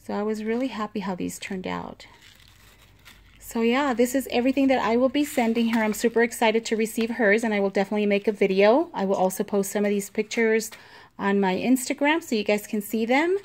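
A woman walks through her handmade crafts in a relaxed show-and-tell. She talks unhurriedly, pausing with plenty of ums to find her words. Her tone stays fond and gushing over every tiny detail. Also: fairly high pitch. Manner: unhurried, with frequent ums and pauses; gushing about small details. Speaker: crafting vlogger.

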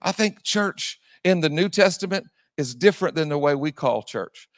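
A man preaching a sermon in a church, repeating his phrases and swinging from shouting to quiet asides. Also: on the high side, animated, moderate pace, no room sound. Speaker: pastor. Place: church sanctuary.

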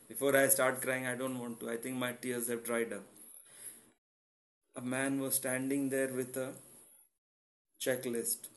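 A middle-aged man with an Indian accent preaches to an online congregation in an earnest, confessional tone. His voice sits at an ordinary middle pitch for a man. He speaks straight to his listeners as "guys" while giving a personal testimony. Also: flat delivery, slow, long pauses. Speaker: online church founder and preacher.

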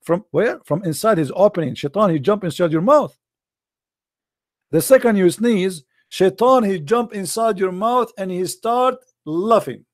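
A man giving a sarcastic, scoffing monologue, slowing right down whenever he reads a quote aloud. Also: sits high, lively intonation, no room sound, clean studio sound. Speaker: online commentator. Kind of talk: mocking monologue commentary.

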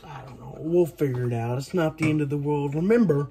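A man's voice: on the high side, brisk, noisy background. A man cooking in his home kitchen, chatting in a rambling, self-deprecating way with plenty of asides. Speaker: home cook. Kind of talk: casual cooking vlog chat.

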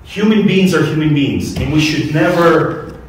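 Brief: male pastor, slightly high voice, chatty sermon, recorded from a distance in a very echoey hall. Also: a little slow, a little hiss or hum. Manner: conversational preaching, asks the congregation questions. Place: church hall. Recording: echoey room, mic at a distance.

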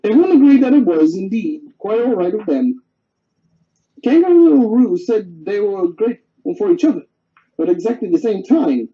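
Man reading a storybook aloud, expressive. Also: sits high, moderate pace. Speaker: story reader. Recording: dull lo-fi home recording.

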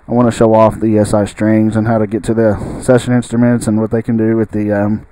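Male tutorial host, relaxed and dry-sounding, casually walking through a session at home, often trails off mid-sentence. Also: lowish voice, brisk, dry recording, rough recording. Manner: thinks aloud, trailing off and restarting sentences. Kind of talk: casual spoken tutorial walkthrough.

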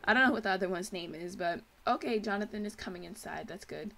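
A woman's voice: medium pitch, fast talker, creaky, bright, forceful tone. A young woman hosting a casual let's play, gushing and chatty as she comments on her game.

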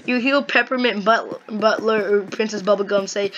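A woman chatting casually and rambling excitedly while playing a game. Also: mid-range voice, moderate pace, highs cut off. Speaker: gaming video host. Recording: noisy home mic recording.

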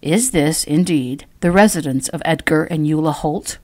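Woman reading as a calm precise little lawyer, formal, low voice, audiobook. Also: normal speed, close to an everyday voice. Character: small, calm, formal spectacled solicitor.

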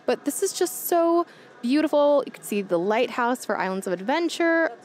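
A woman's voice: sits high, expressive, moderate pace. A young woman vlogging with gushing, chatty enthusiasm as she tastes food and drinks at a hotel rooftop bar. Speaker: travel vlogger. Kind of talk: casual food and travel vlog. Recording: noisy crowded bar. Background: loud crowd and chatter.

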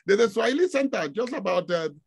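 A man from Africa lecturing over a video call, his high voice swinging widely in pitch. He speaks with a gravelly, husky rasp and an animated, exclamatory delivery. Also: a little fast. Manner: animated, exclamatory, laughs often. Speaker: guest lecturer. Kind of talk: informal online lecture.

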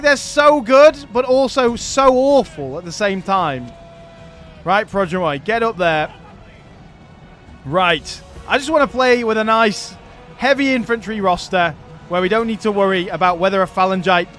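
High-voiced man narrating a strategy game. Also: fairly bright tone. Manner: barks orders at units, swears when frustrated. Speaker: gaming channel host. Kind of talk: let's play commentary.

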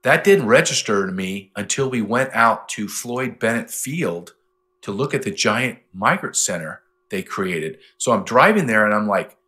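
A man guest in an interview speaks in a bright, forceful voice that swings widely in pitch. He tells his stories with animated emphasis, repeating his key points. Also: a little slow. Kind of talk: interview talk.

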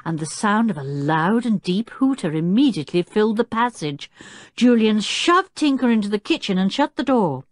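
A woman narrating a children's storybook audiobook in an expressive, lilting reading style. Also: mid-range voice, normal speed, no room sound, clean studio sound.

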